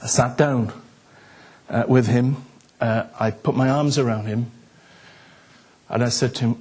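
A middle-aged man, a pastor, telling a story in a sermon and acting out the dialogue with animated, comic excitement. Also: medium pitch, unhurried, pauses often, slightly rough.

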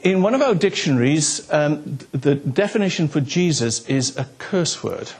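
A man preaching as pastor, his voice husky and pitched a touch high for a man. He talks to the congregation in a chatty, storytelling way, throwing in asides to them. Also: big pitch swings, normal speed, darkish tone. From Wales. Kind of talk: sermon.

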